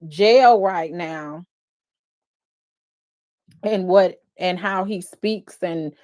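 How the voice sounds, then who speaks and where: On her live stream, a defense attorney speaks extremely slowly in a lowish voice while commenting on a court case. She's openly emotional and expressive, frequently sighing between thoughts.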